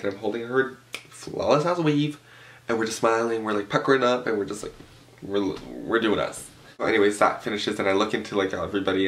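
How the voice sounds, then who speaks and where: Gravelly young man telling a story. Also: fairly low pitch, a little hiss or hum. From Canada. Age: young adult. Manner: animated, swearing, filler-heavy retelling with quoted voices. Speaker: vlogger. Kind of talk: casual storytime vlog. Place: room at home, tablecloth backdrop.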